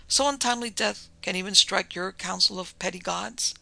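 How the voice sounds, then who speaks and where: A man's voice: high voice, normal speed, creaky, sharp tone, voice pushed up, heavily acted. A man reading the part of a desperate young research doctor, cornered and speaking in a tense, defiant way.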